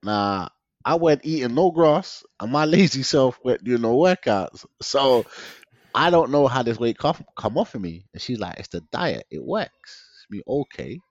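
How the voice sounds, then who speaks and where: A man's voice: mid-range voice, sing-song, moderate pace, no room sound. A young man, telling his story in a casual interview, slangy and often laughing. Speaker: guest. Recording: dull lo-fi dry sound.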